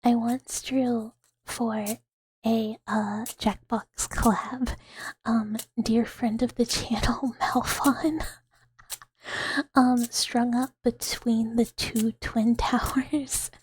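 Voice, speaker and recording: A woman in her thirties hosting a whispered ASMR livestream, breathy and giggly, rambling as she greets chat on a close mic. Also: on the high side, fairly even intonation, very slow, darkish tone. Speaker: ASMR streamer.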